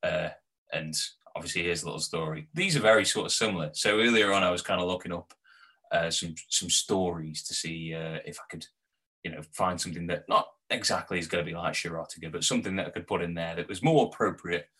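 A man's voice: sits low, quick pace, husky, rough recording. A man co-hosting a podcast, chatting casually and laughing as he tells stories. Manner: laughing, animated storyteller. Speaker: podcast co-host. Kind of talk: casual chat.

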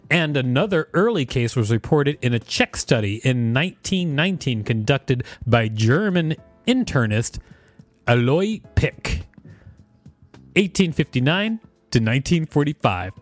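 A man co-hosting a podcast, reading facts aloud and joking around in casual chat. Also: no room sound. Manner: jokey, reads aloud with playful pitch swings. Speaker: podcast co-host.

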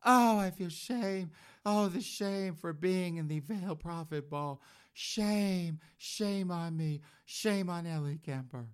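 A man's voice: high-pitched, smooth, voice pushed up. A man mocking a whiny remorseful woman. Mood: pleading. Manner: mocking, drawn-out pleading.

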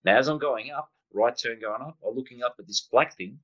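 Man, casual storytelling, animated, rambling, sound effects, middle pitch, muffled audio. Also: fairly quick. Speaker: guest pilot recounting a sighting. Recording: dull lo-fi sound.

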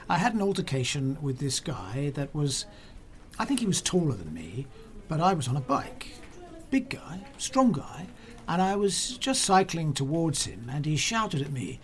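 A hospital worker telling an anecdote for a documentary, chatty and animated. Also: mid-range voice, slight background noise.

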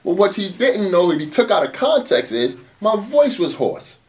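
Animated man swearing through a story. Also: high voice, moderate pace, recorded from a distance. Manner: animated storytelling, frequent swearing and "you know what I'm saying". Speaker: battle rap league owner. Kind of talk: casual interview talk.

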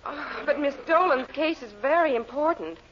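A woman's voice: sits high, moderate pace, lightly acted. A woman playing a polite, fretful secretary in 1940s radio comedy acting. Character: fussy, worried female secretary. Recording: dull 1940s radio broadcast, hiss.

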